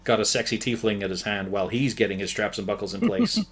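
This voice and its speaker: A man's voice: on the low side, quick pace. A man narrating as game master in a tabletop game, laughing often as he describes scenes.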